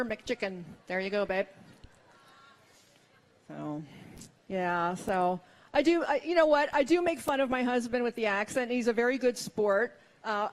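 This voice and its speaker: A middle-aged woman performing a stand-up comedy set, with wry, self-mocking punchlines. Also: fairly high pitch.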